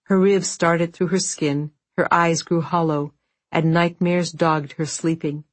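A woman narrating an audiobook in a measured, steady storytelling manner. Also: low-pitched, no room sound.

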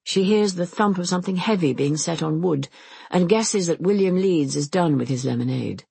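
A narrator reading a novel aloud in a measured storytelling manner. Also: gravelly, breathy edge, no echo. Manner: measured storytelling with expressive, shifting pitch. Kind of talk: audiobook narration of a historical mystery.

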